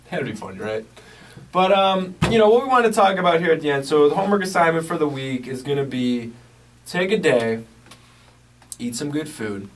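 A man's voice: a little high, expressive, moderate pace, slight background noise. A man hosting a podcast in a small studio, chatting casually in a rambling, upbeat way full of filler words. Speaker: podcast host. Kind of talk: casual radio-style chat. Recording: distant mic, roomy sound.

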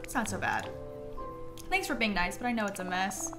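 A woman reading a friendly cartoon mouse's game dialogue aloud in her own soft voice. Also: mid-range voice, very animated, moderate pace, music in the background, pitched below the performer's own voice. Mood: gentle. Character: cheerful cartoon mouse, male, friendly and gentle.

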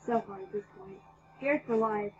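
A woman reading her own fan fiction aloud as a video host, excitable and dramatic, jumping between loud outbursts and hushed mumbling. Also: mid-range voice, normal speed. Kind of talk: read-aloud story narration. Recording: dull lo-fi recording, faint hiss.

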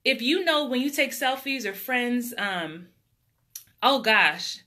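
Bright-voiced New woman chatting live. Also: on the high side, lively intonation, slow pace. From New York. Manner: chatty, laughs often, reads out viewer comments. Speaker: acting coach. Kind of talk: casual livestream chat.

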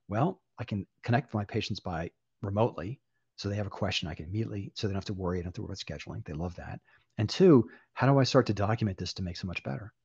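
An older man talks fast and with animation as an interview guest, acting out the people in his stories. His voice is low and husky. The recording sounds dull and dry. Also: dry recording. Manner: animated storyteller, acting out dialogue. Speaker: guest, applied AI director. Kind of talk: interview conversation.

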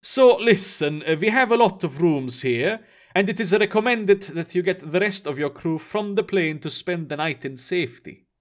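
A man's voice: high-pitched, expressive, moderate pace, few pauses. A man voicing a polite, cautious Arctic station manager in a story reading.

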